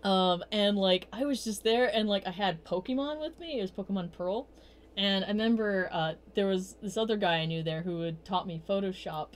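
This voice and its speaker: Chatty young woman rambling through stories. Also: normal speed. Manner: rambling, chatty, many fillers and restarts; quotes herself in bursts of higher voice. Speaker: livestream host. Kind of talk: casual storytelling chat.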